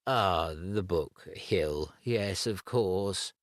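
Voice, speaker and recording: A man's voice: low-pitched, no echo, clean studio sound. A man voicing a grieving, stammering young suitor. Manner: slow, halting, stammering.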